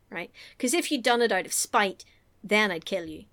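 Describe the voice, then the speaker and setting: Chatty and giggly, a woman recaps a film in a casual podcast conversation, acting out lines in silly voices. She has a mid-range, animated voice, a bit bright, at a normal speed.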